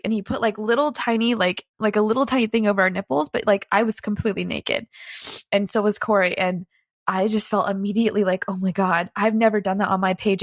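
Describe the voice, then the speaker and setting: A young woman recounting a painful personal story in a halting, candid way, full of "like" and false starts. Her voice sits in an ordinary middle register. The sound is dry and close, with no room around it. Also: mid-range voice, dry recording. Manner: halting, frequent "like" fillers and restarts, emotional recounting. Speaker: guest recounting a personal experience.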